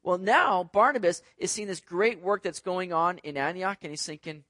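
A man's voice: sits high, moderate pace, hardly any pauses, pushed and bright, no echo. A man preaching a sermon to a congregation in a conversational way, often checking in with "right?". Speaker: pastor. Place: church service.

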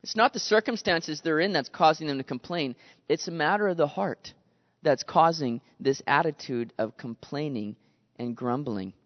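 A man preaching a sermon in an animated way, acting out the voices he quotes. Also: a little high, normal speed. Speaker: pastor. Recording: dull lo-fi sound with long reverb.

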